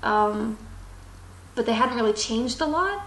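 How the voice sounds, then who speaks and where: Animated young woman telling a story. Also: on the high side, measured pace, echoey room. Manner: animated, acts out quoted voices. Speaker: vlogger. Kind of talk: casual storytelling.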